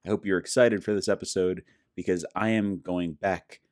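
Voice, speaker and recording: Enthusiastic low-voiced man hosting a podcast. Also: steady tone, moderate pace, darkish tone, dry recording, clean studio sound. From Colorado, USA. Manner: enthusiastic, chatty, frequent laughs. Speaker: podcast host. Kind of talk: casual podcast intro and interview.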